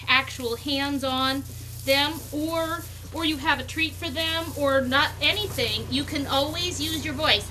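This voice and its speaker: Brief: high, bright woman, dog breeder talking outdoors, chatty run-on explainer, faint outdoor ambience behind. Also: noisy background. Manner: run-on explaining, slipping into high sing-song puppy talk. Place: outdoors on a cold sunny morning.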